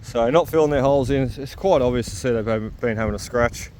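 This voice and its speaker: Talking fast in a medium-pitched, slightly mellow voice, the Australian metal detecting vlogger narrates casually to camera from a rainy hillside. He's chatty and quick to laugh, and there's slight background noise.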